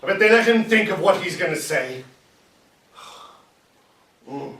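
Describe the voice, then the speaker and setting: A bitter, tipsy immigrant captain, played by a man, rambles sardonically over his drink in a solo stage monologue. His voice sits high and carries a lilt. It echoes in a roomy space, caught from some distance off the mic. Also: animated, measured pace, a bit bright. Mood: sardonic. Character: bitter Irish immigrant Civil War captain, drinking alone. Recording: roomy echo from far off.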